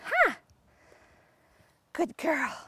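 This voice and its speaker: A high-pitched woman with a bright, sharp tone and a wildly swooping voice coaches a dog through agility outdoors. She explains each step in between, then bursts into squealing praise and laughs often. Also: huge pitch swings, drawn-out words, no echo.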